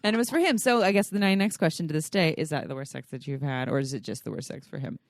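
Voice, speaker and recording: A woman's voice: low voice, slight background noise. Enthusiastic woman podcast host. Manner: enthusiastic, reacting with laughs, quick bursts of questions. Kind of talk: casual chat.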